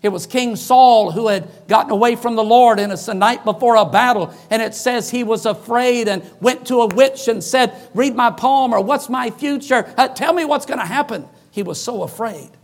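A pastor with a high voice preaches to his congregation. He tells his stories in an animated way and acts out the voices of the people in them. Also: normal speed, few pauses. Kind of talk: sermon storytelling.

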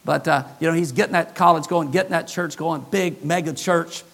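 A high-pitched male pastor preaching a sermon in a church. He tells his stories in an animated way and acts out each person in the dialogue with his own shifting voices. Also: brisk, gravelly. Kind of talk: sermon storytelling.

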